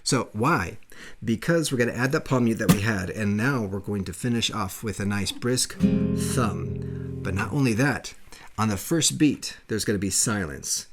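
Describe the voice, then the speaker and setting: A man's voice: lowish voice, a little slow. A man giving a step-by-step guitar lesson, explaining strumming patterns and counting beats aloud as he plays. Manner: counts beats aloud while playing, encouraging. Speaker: guitar teacher. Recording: loud guitar playing under the voice.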